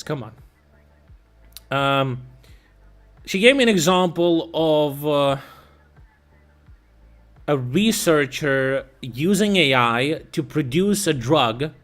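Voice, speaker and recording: A young man chatting casually, telling a story in a rambling, animated way with lots of fillers and swearing. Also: a little high. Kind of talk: casual chat.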